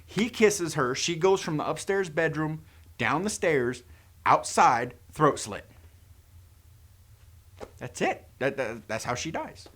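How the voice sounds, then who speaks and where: A man's voice: fairly high pitch, expressive, slow pace, pauses often, fairly bright tone. A man casually retelling a horror movie's plot as a reviewer, with sarcastic, incredulous asides. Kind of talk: casual plot recap and commentary.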